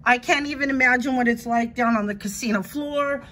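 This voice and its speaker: A middle-aged woman vlogging on her phone from a dark, hot hotel room, crying and rambling in a panic, swearing as she talks. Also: on the high side, a little fast. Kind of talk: casual phone vlog.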